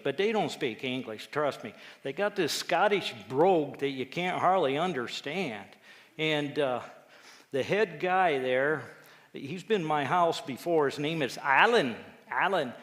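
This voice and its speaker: A man, a lay preacher telling a personal testimony story, acting out quotes with lively jumps in his voice. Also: on the high side, unhurried. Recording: echoey hall with long reverb.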